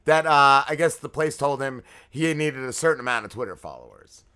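A man's voice: mid-range voice, fairly quick, bright, forceful tone, clear, resonant tone. A man co-hosting a podcast, chatting loosely and laughing easily with a guest. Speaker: podcast co-host. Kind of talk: casual podcast chat.

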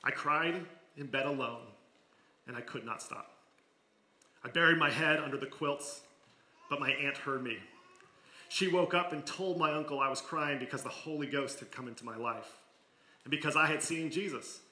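A man preaching a sermon, reading a story aloud with expressive delivery that falls to a hush in quiet moments. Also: on the high side, moderate pace. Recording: echoey room.

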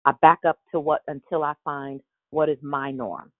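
A woman hosting a faith call, talking in a gentle, reassuring way and often repeating her words. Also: sits low, fairly even intonation, normal speed, no room sound. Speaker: host of a prayer call. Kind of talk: encouraging faith talk. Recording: tinny phone line, dry.

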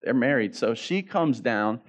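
Here a preacher with a medium-pitched voice and lively intonation takes an unhurried pace. His sermon is laid-back and full of jokes, and he acts the story out by speaking the characters' lines in their voices.

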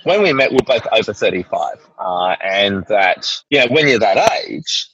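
A man's voice: on the low side, moderate pace, slightly rough, lo-fi sound. A man with an Australian accent, a guest in a casual interview, upbeat and joking. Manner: upbeat, joking, lively intonation. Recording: faint background noise.

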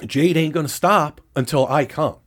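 A man's voice: a little high, moderate pace. A man co-hosting a podcast, telling a candid blow-by-blow story in casual chat, with lots of profanity. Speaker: podcast co-host.

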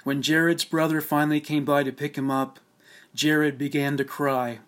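A man reading a scripted documentary narration in a steady, measured, solemn way. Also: a little high.

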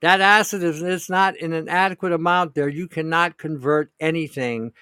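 A man's voice: a little high, fairly even intonation, moderate pace, pushed and bright, smooth, dry recording, studio quality. A man hosting a show, talking in a blunt, rambling, opinionated way and answering a listener's question. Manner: blunt, rambling, emphatic with profanity. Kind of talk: casual opinionated monologue.

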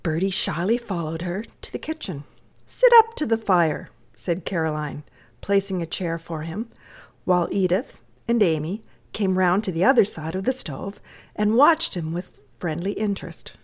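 A woman narrating a classic story in a measured readers' theatre reading. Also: on the low side.

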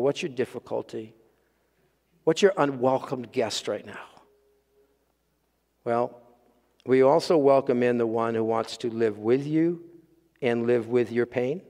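A man preaching a sermon to a church congregation, emphatic, building to loud peaks and repeating phrases for weight. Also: mid-range voice, big-room sound. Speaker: pastor. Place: church with live audience and live stream.

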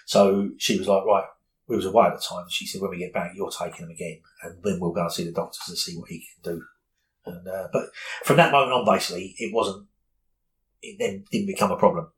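A middle-aged man speaks with a slightly low pitch. He tells a personal story in an interview, candid and rambling, full of fillers and restarts. A faint ambient noise sits behind his voice. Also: fast, rough recording.

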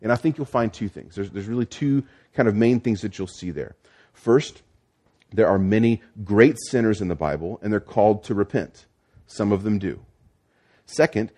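Lower-voiced male pastor explaining scripture. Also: a little mellow. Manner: teaching, explanatory, with frequent restarts. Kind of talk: sermon.

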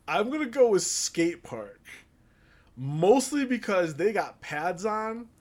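A man chats casually on a podcast, rambling and poking fun at himself. His voice sits a little higher than most men's. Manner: rambling, self-deprecating. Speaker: podcast co-host.

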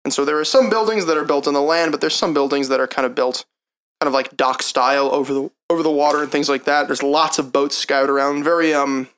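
A man's voice: a little high, steady tone, fast, a bit bright, clear, resonant tone. A young man narrating a tabletop game as game master, describing scenes in a casual, loose way. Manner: casual, descriptive, breaks into townsfolk voices.

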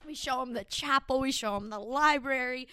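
A young woman chatting on a podcast in a bright, fairly high voice, dropping "like" into almost every line. She tells her story casually with quick laughs. The sound is dry and close to the mic. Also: smooth, no room sound. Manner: chatty, fillers of "like", laughs between lines. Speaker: podcast co-host.

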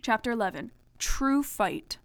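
A young adult woman co-hosting a podcast, reading her childhood story aloud and tossing in deadpan, dismissive quips. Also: on the high side, a little slow. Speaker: podcast co-host.

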